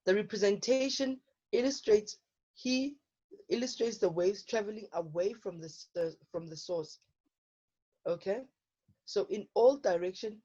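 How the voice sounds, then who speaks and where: A woman teaches a physical science lesson online, explaining problems and often checking in with her students by asking "okay?". Her voice is mid-range, dark and husky, and the lo-fi audio sounds dull.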